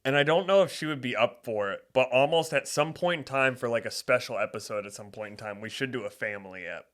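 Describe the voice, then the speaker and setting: A man's voice: medium pitch, fast talker, fairly bright tone. Laughing man telling stories. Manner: laughing storyteller, swears a lot. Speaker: podcast co-host. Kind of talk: casual chat. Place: small home studio.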